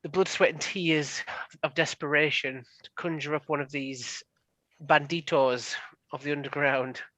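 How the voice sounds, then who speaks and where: A man's voice: fairly high pitch, fairly even intonation, unhurried, sharp tone, dry recording, rough recording. A man playing in a tabletop game, describing his character's ritual theatrically with stumbling restarts. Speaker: player.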